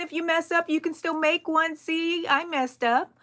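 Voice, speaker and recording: A woman hosting a live crochet stream, chatting casually with viewers while she works and counting her stitches out loud. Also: sits high, normal speed, few pauses. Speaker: crochet channel host. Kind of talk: live crochet tutorial chat.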